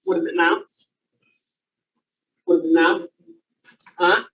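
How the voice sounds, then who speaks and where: Guy running a live healing class, slow unhurried delivery, voice kinda far from the mic, keeps saying the same short commands over and over. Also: fairly high pitch, lively intonation, gravelly, fairly bright tone. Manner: coaxing, repeats short commands; loose, informal phrasing. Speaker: naturopath leading a training class. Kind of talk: live hands-on demonstration to a class. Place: training room before a live audience.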